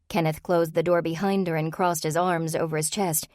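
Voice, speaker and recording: Low-voiced woman narrating a mystery. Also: steady tone, moderate pace, few pauses, darkish tone, no room sound, studio quality. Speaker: audiobook narrator. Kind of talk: scripted narration.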